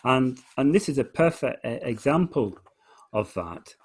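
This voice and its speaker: A man who is a musician hosts a casual conversation, explaining poetry with enthusiasm by reading lines aloud and stressing their beats, often restarting his phrases. His medium-pitched voice has lively intonation, a measured pace, a darkish tone, and a breathy edge.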